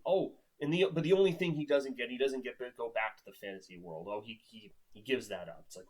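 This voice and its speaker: A man's voice: medium pitch, lively intonation, fast, few pauses, low-quality recording. Exasperated man ranting with sarcasm. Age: 30s. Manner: exasperated, sarcastic, swears often, says "like" a lot. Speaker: book reviewer. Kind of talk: casual ranting review.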